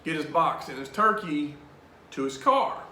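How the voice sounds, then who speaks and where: A cheerful, gentle priest, as a man quotes him, speaking upbeat and brotherly. The voice is bright and a touch high. It has a roomy echo. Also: animated, a little slow, exaggerated voice.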